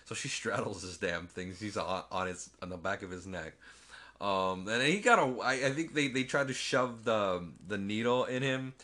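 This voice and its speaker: A man co-hosting a podcast, casually recapping a movie in a rambling, profane way and acting out the characters with quick voices. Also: fairly low pitch, sharp tone. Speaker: podcast co-host.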